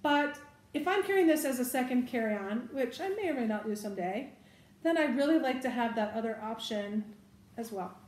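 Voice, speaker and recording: A woman's voice: on the high side, expressive, moderate pace, darkish tone. Chatty, giggly woman in an echoey room. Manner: chatty, giggly, self-correcting asides. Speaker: bag reviewer. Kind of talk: casual product review.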